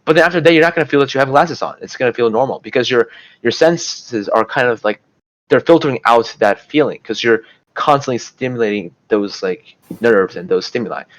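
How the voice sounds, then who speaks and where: Fast-talking young man explaining. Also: medium pitch, muffled recording. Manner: rambling, filler-heavy, restarts often. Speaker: student tutor. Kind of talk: casual lecture to camera.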